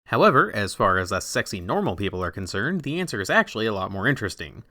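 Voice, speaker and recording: Sarcastic man, lively low voice. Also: quick pace. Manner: sarcastic, irreverent. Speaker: video essay host. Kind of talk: scripted comedic review narration.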